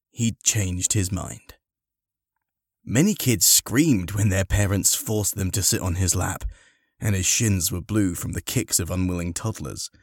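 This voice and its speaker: A man narrating a storybook in a slow, measured, expressive way. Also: fairly low pitch, no room sound, studio quality.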